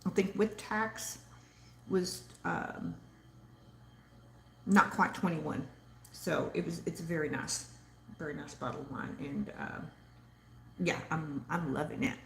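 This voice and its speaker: Southern woman, casual livestream host, low gravelly voice, rambling and chatty, echoey room. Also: takes it slowly, long pauses. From Texas. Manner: chatty and rambling, reads viewer comments aloud. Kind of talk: casual live-stream chat.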